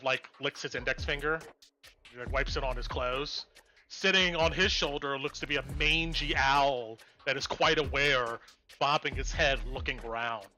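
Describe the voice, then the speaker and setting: Guy running a tabletop game, rambly, bright kinda high voice. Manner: rambling, full of likes and ums. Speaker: game master.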